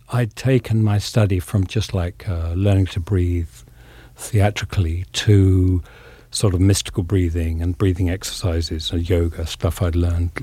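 An English actor giving an interview, speaking thoughtfully and haltingly with many pauses and fillers. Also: male voice, low-pitched, warm tone, dry recording. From England. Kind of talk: reflective interview talk.

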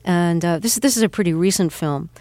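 A woman interviewer asking measured questions and introducing a clip. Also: lowish voice, darkish tone, no room sound. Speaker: radio interviewer.

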